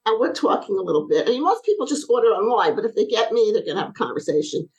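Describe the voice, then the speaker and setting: A woman's voice: mid-range voice, very fast, low-quality recording. A middle-aged woman, a podcast guest who owns a brace company, telling stories in casual conversation and acting out the dialogue of the people in them. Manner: animated, acts out quoted dialogue. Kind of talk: casual interview storytelling.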